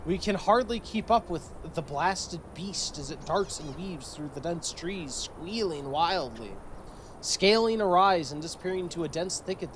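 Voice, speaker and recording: A man's voice: a little high, background noise. A man streaming a strategy game, reading event text aloud and adding joking, sarcastic commentary.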